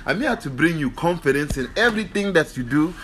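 A man's voice: on the high side, animated, fairly quick, a bit bright. A man giving an emphatic, repetitive motivational monologue at home. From Africa. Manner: preachy, emphatic, repetitive declarations. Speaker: motivational speaker.

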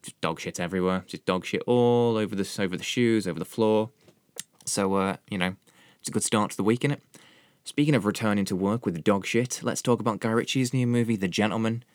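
A man reading out his comic film review, sardonic and sweary with a deadpan delivery. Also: fairly low pitch, fairly quick, no echo. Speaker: podcast host and film reviewer. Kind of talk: comedic film review monologue.

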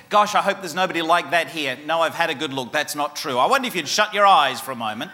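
A man giving a lively motivational talk to a live conference audience, coaxing the crowd to join in. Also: a little high, quick pace. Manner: animated, coaxing, drops to a soft hush for the meditation.

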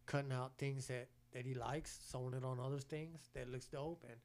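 A man's voice: mid-range voice, steady tone, normal speed, a little mellow. A man hosting a podcast in casual chat, slangy and profane, often stammering as he restarts his sentences. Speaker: podcast host.

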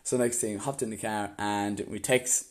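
A man's voice: lowish voice, fairly even intonation, normal speed. A young man from Waterford with an Irish accent, casually telling a story to the camera and often breaking into laughter. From Ireland.

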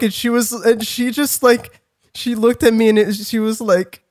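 A man's voice: very high voice, level tone, normal speed. A young man co-hosting a podcast, telling a rambling story in casual chat, swearing and laughing often. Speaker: podcast co-host.

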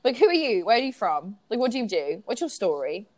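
A woman's voice: medium pitch, big pitch swings, a little fast, darkish tone, dry recording. A woman co-hosting a podcast, chatting casually with lots of "like" and frequent giggles. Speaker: podcast co-host. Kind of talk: casual chat.

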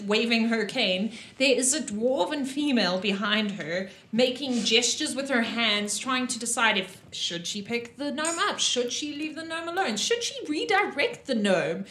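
Giggly, animated woman game master. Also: high voice, measured pace, few pauses, slight background noise. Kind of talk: narrating a tabletop game. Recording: roomy echo.

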